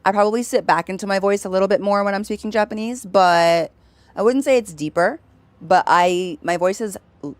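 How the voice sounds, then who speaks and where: A young woman streaming a video game, chatting casually and switching between English and Japanese, with a deep voice that carries vibrato and some vocal fry. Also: fairly quick, no echo. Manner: pitches voice up to sound friendly on stream. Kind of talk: casual gameplay chat.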